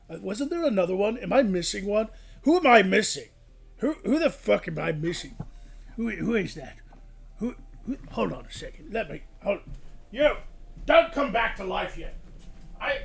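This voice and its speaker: A man voicing a vain, foul-mouthed undead lord who hosts a comedy stream, with a raspy, gravelly voice and a boastful, swearing manner. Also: high-pitched. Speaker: host.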